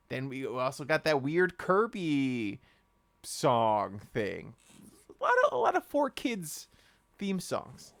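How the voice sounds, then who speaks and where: A man co-hosting a casual podcast, joking in a deadpan way and often breaking into laughter. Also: on the high side, creaky, no room sound. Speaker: podcast co-host.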